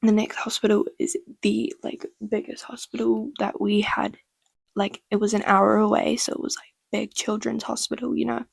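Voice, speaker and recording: A woman's voice: mid-range voice, flat delivery, moderate pace, gravelly, slightly rough, no echo, clean studio sound. A woman vlogger telling a story in a casual, chatty way, swearing freely and using lots of fillers.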